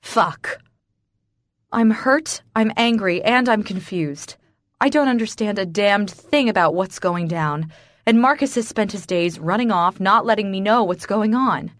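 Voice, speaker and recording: A woman's voice: medium pitch, normal speed, no room sound, clean studio sound. A woman narrating a first-person romance audiobook in a dramatic, emotionally charged way.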